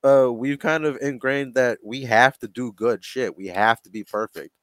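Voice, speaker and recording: Profane, animated man in casual chat. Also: medium pitch, moderate pace, dry recording. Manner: profane, animated storytelling full of "like".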